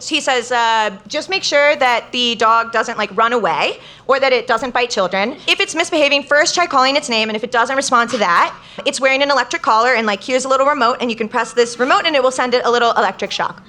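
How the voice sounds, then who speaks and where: A young woman telling a comic story on stage to a live crowd, chatty and full of "like", quoting people in lively bursts. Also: a little high, quick pace, hardly any pauses. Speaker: guest storyteller.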